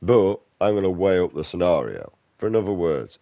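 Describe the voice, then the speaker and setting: A man's voice: extremely low pitch, expressive, moderate pace, warm tone, no room sound, lo-fi sound. A man giving casual gameplay commentary, ranting bluntly and swearing a lot. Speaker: game streamer.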